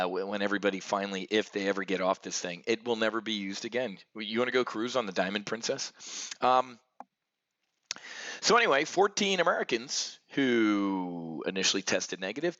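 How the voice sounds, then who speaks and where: A man's voice: mid-range voice, fairly bright tone, no echo, muffled recording. A man hosting a market briefing, talking brashly and sarcastically to his viewers, calling them folks. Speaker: market commentary host.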